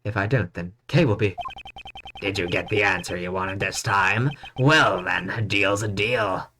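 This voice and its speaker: A woman voicing a stern, cool male prosecutor in a game, speaking low and measured. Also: bright, forceful tone, slight background noise, heavily acted.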